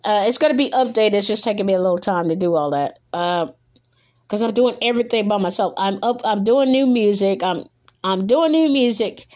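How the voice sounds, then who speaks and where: A woman's voice: mid-range voice, animated, a little fast, darkish tone. A young woman hosting her own podcast, ranting casually and emphatically in slangy talk, repeating herself often. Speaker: podcast host. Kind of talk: casual solo podcast rant.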